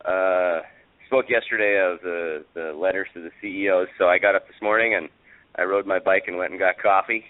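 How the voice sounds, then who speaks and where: A man's voice: extremely low pitch, dry recording. A man calling in to a live talk show, rambling with many fillers and reading out a letter. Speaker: caller. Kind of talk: casual call-in talk, reading a letter aloud. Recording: tinny phone-like line.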